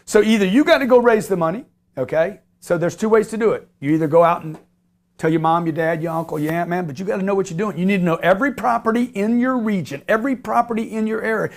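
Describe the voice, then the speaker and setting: Brief: high-pitched male radio host, pushy and animated, selling hard. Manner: fast, animated sales pitch, acts out conversations. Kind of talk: call-in radio talk.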